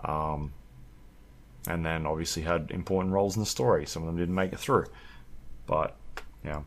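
Low-pitched male podcast co-host, rambling casual delivery. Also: moderate pace. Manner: rambling, filler-heavy, animated when telling stories. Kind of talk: casual chat.

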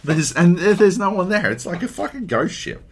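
A lively, sing-song Australian man co-hosting a casual chat podcast. He recounts a gaming story with loose, rambling energy and plenty of swearing, voicing other people's lines as he goes. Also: high-pitched, normal speed, breathy edge. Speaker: podcast co-host.

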